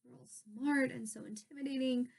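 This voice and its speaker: A woman's voice: high voice, steady tone, normal speed, creaky, slightly rough. A young woman, a pageant contestant, telling stories in a casual vlog from her bedroom, bubbly and gushing. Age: young adult.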